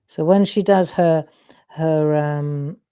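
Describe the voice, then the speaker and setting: A woman's voice: low voice, steady tone, takes it slowly, dark tone, clear, resonant tone. A middle-aged woman, chatting in a rambling, self-interrupting way as she hosts a live drawing demonstration. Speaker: craft demonstrator and host. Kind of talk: casual chat while drawing live.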